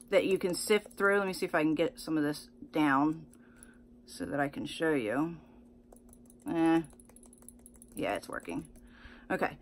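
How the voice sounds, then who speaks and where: A woman beauty vlogger chatting casually through an unboxing, excitable and full of fillers and restarts. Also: fairly low pitch.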